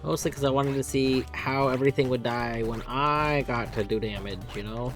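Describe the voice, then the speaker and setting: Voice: medium pitch, fairly even intonation, moderate pace, music in the background. A streamer chatting through a live game session, narrating every move and letting out sudden yelps when things go wrong. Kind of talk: live gameplay commentary.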